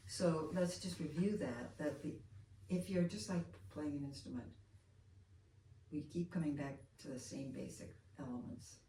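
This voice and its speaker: A woman teaching a hands-on movement lesson, talking in a gentle, soft-spoken, unhurried way. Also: low-pitched. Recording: roomy, from far off, faint room noise.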